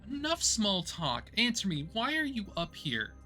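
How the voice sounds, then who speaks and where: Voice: mid-range voice, very animated, measured pace, a bit bright, soft background music. A game streamer voicing the heroine's worried young female friends, urgent and insistent. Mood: alarmed. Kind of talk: reading a visual novel aloud.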